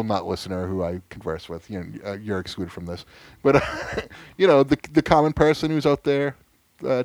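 A young man co-hosting a casual podcast chat, ranting sarcastically with lots of swearing and sudden loud outbursts. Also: mid-range voice, no room sound. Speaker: podcast co-host.

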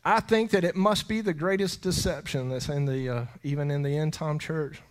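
A middle-aged male preacher with a somewhat high-pitched voice, delivering a fervent sermon. He talks with raw emotion, sinking to hushed, near-whispered lines and then rising again in force. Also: moderate pace. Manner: intense, emotional, drops to whispers then surges louder. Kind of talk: impassioned sermon.

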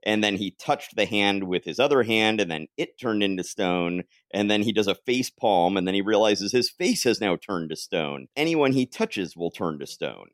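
A man with a low voice swings his pitch widely while he chats animatedly about comics. He laughs often, and the recording is dry and close. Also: no room sound. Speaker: podcast host. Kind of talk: casual chat.

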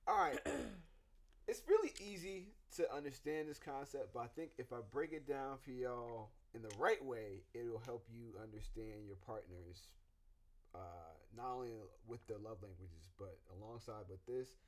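Male podcast co-host, playful and animated, mid-pitched voice, casual advice chat. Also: moderate pace. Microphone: studio microphone.

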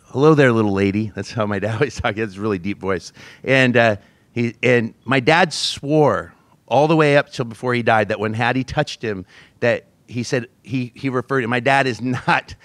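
A pastor in his forties, with a mid-range, slightly bright voice and no room sound, preaches a sermon. He tells a family story, laughing at himself and acting out the voices of the people he quotes.

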